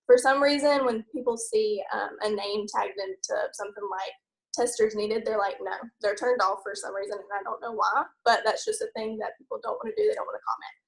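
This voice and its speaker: A woman's voice: mid-range voice, animated, a little fast, creaky, rough recording. A young woman with a Southern accent, sharing her story on a casual group call, nervous and giggly with many fillers.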